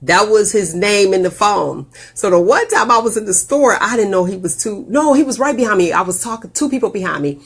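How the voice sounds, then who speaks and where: A woman hosting a casual live video show, telling stories with animated, jumpy delivery and big leaps in pitch on quoted lines. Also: brisk, few pauses, slightly rough. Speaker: host.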